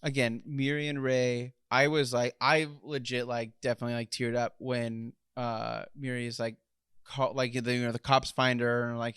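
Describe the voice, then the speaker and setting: A young adult man co-hosting a casual podcast chat, animated and excitable, swearing freely. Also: mid-range voice, normal speed, clean tone, no room sound, clean studio sound. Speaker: podcast co-host.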